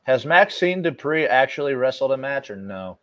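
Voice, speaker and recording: A man's voice: mid-range voice, sing-song, normal speed, fairly bright tone. A young man hosting a casual online show, thinking aloud through a guessing game and swearing freely. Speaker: host playing a wrestling guessing game. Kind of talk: casual chat.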